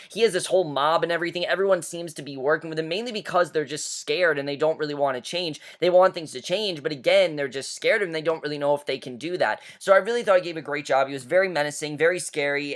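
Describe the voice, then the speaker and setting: A man giving a casual, enthusiastic movie review, rambling along with frequent "you know" and "I mean.". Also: on the high side.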